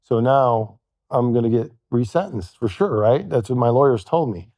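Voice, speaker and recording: Man, podcast guest, dark mellow voice, dry close sound, halting storytelling, quotes others. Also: mid-range voice, animated, no room sound. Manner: halting, retells events with quoted dialogue. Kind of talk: storytelling in conversation.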